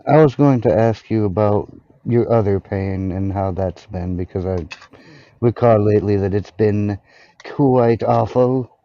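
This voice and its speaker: A man's voice: lowish voice, measured pace, warm tone, no echo. A man co-hosting a casual stream chat, joking dryly and asking after a friend kindly. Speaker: stream co-host. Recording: dry, dull lo-fi audio.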